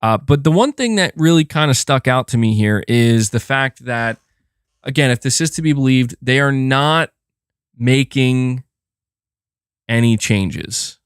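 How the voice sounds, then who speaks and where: This young gaming streamer talks a little slowly in a clear, resonant, medium-pitched voice. Live from a room at home, he chats casually and rants with animated exasperation and laughs, in clean studio sound with no echo.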